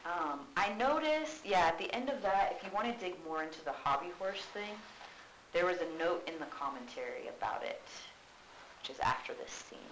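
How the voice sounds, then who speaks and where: A woman's voice: fairly low pitch, lively intonation, normal speed, fairly bright tone, a little hiss or hum, low-quality recording. A woman teacher giving a casual, chatty classroom explanation, full of "like"s, in a classroom.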